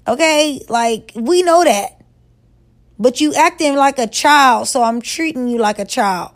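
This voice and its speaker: A woman vlogger giving relationship advice in a blunt, profane, scolding rant, stretching words and jumping up in pitch for emphasis. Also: animated, measured pace. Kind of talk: casual rant to camera.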